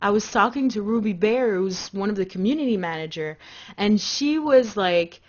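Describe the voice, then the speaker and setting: A woman co-hosting a gaming podcast, gushing and animated, acting out quotes in big voices. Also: medium pitch, moderate pace. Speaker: podcast co-host. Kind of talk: excited casual chat. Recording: dull lo-fi podcast audio.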